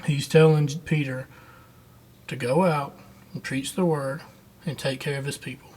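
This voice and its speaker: A man's voice: mid-range voice, fairly even intonation, a little slow, darkish tone. A man teaching a children's Bible lesson, retelling the story in a folksy, conversational way.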